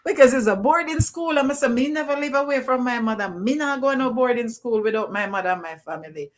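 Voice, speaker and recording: A Jamaican woman spins an animated story from her school days and slips freely into Jamaican Creole. Her voice sits fairly high and stays lively throughout. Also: fast, slight background noise. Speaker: guest teacher. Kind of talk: storytelling on a livestream.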